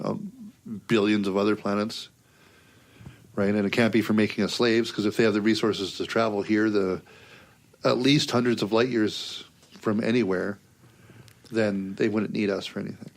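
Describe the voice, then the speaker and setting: A man's voice: on the low side, steady tone, normal speed. A man co-hosting a podcast, reasoning through a point aloud in a dry, sarcastic way. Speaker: podcast co-host. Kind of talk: casual chat.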